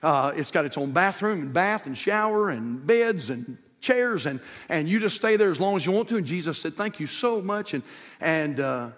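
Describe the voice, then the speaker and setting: A male pastor preaching a sermon in a church, telling a story that swings from loud, shouted peaks to hushed, quiet lines. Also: fairly high pitch, animated, moderate pace. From United States. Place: church sanctuary. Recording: long church reverb.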